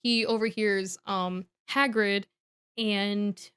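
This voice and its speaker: A woman's voice: medium pitch, fairly even intonation, slow pace, a bit bright, clean tone. A woman co-hosting a podcast, giving a casual comedic recap in a giggly, rambling way. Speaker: podcast co-host.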